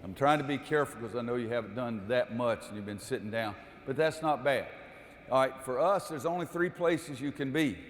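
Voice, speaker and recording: A man's voice: medium pitch, fairly quick. An older man coaching basketball players through a defensive drill, explaining steps and calling out repeated commands. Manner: instructive, barks repeated drill calls. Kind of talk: coaching clinic on court. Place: gym. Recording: long reverb of a large gym.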